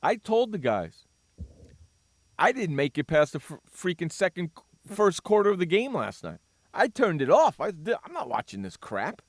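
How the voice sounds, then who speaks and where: A sports radio host, a man with a high, lively voice that leaps up and down as he rants. He talks excitedly and keeps dropping "freaking" into every other sentence. The sound is dry and close, with no room around it. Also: moderate pace, no room sound. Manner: animated, ranting, swears mildly with "freaking".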